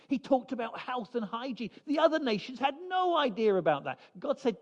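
A man preaching a sermon in a church, building slow emphatic phrases and dropping suddenly soft. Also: very high voice, animated, big-room sound, lo-fi sound. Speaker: pastor.

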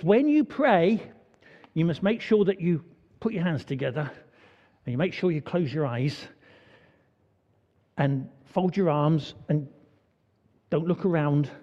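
Lively man leading a church talk. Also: high voice, takes it slowly, long pauses. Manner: lively, chatty, asks the children questions. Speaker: preacher leading a church service. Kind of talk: all-age church talk. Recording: dull, echoey church hall recording.

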